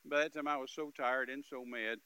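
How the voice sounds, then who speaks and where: A man telling a story in a sermon, dramatic and swinging between quiet narration and loud outbursts. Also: medium pitch, steady tone, a little fast, clean tone, no echo, low-quality recording. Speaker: preacher.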